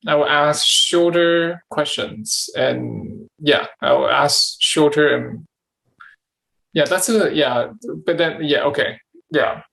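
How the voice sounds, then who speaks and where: A man's voice: a little high, takes it slowly, gravelly, pushed and bright, low-quality recording. A man in casual conversation who speaks hesitantly, repeating himself with many restarts and fillers. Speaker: channeling practice partner asking questions.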